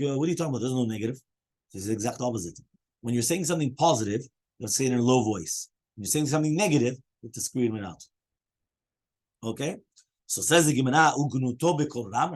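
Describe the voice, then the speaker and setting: A man, a rabbi, teaching a daily Talmud lesson to students. He talks in an animated way, weaves Hebrew and Aramaic terms into his explanations, and keeps asking "right?" and "you understand?". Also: medium pitch, quick pace, slightly rough.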